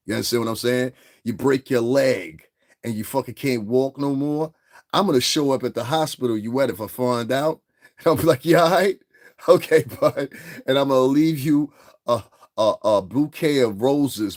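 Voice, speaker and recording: A man's voice: medium pitch, darkish tone. A middle-aged man hosting a livestream, talking in a boastful, profane casual rant and often laughing mid-sentence. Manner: boastful, profane, keeps asking "you understand what I'm saying". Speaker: livestream host.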